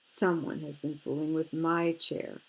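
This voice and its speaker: Woman reading as a dismayed mama bear, low measured voice, storybook read-aloud. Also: little pitch movement, vocal fry, exaggerated voice, poor audio.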